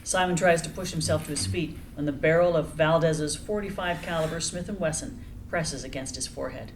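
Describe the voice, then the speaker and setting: A woman narrating the action lines of a screenplay reading in an even, descriptive way. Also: sits low, a little fast, a little hiss or hum, poor audio.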